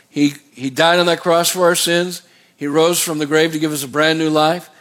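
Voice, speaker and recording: A man's voice: fairly high pitch, normal speed. A man preaching a sermon as pastor, emphatic, asking the congregation to answer back. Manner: preaching with call-and-response questions; emphatic, rising on exhortations.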